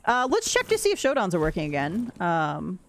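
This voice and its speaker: Low-voiced woman streamer chatting candidly. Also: wildly swooping pitch, brisk, creaky. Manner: rambling, candid, soft-spoken. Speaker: game streamer. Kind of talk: casual livestream chat while gaming.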